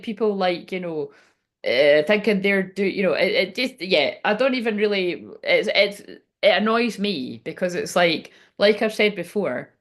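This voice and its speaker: Woman doing a tarot reading, chatty and rambly, swears a lot. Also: on the low side. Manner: rambling, swears freely, digresses. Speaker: tarot reader.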